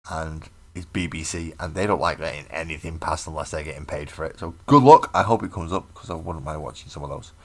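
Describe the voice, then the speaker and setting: A man's voice: very deep voice, fairly even intonation, quick pace, hardly any pauses, a bit bright. An English man with an English accent, chatting casually on a live painting stream, rambling and bantering with viewers as he works at a home hobby desk. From England. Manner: rambling banter, answers chat while working. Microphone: webcam stream mic.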